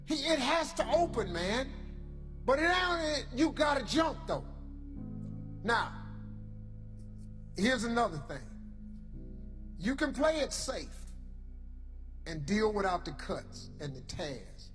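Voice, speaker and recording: A man delivers a motivational speech with a preacher's fervent, colloquial cadence. His voice sits high and rings through a reverberant hall. Music plays underneath. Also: very animated, takes it slowly, long pauses, fairly bright tone. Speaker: motivational speaker.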